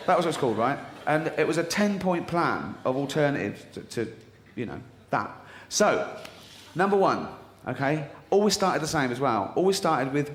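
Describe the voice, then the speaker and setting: A middle-aged comedian on stage, his voice fairly high and swinging widely as he mocks and swears in disbelief. The room is echoey, and a clear wash of audience noise hangs behind him. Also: a bit bright. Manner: incredulous, mocking, swearing. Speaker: stand-up comedian. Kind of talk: stand-up routine. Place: stage in a theatre with audience laughter.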